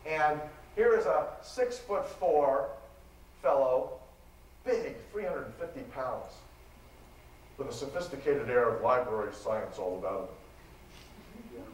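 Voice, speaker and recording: A man giving a live lecture, telling a story in an animated, dramatic way. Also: medium pitch, takes it slowly, pauses often. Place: lecture hall. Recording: echoey hall, distant mic, faint noise.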